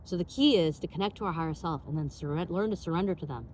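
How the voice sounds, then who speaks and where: A woman hosting her own show, telling a personal story in an animated way, full of "like" fillers and acted-out dialogue. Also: sits low, fast, a little hiss or hum. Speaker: podcast host.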